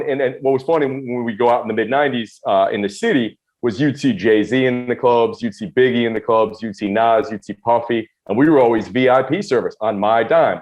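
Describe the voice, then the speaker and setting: A man in his forties telling his own story in an interview, quick, emphatic and self-deprecating. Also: medium pitch, darkish tone. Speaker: guest.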